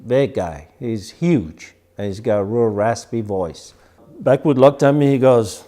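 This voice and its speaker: A man's voice: medium pitch, unhurried. An older man from Iran recounting his past in an interview, acting out the dialogue as he tells it. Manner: animated storyteller acting out quoted dialogue. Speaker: interviewee, veteran. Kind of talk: storytelling interview.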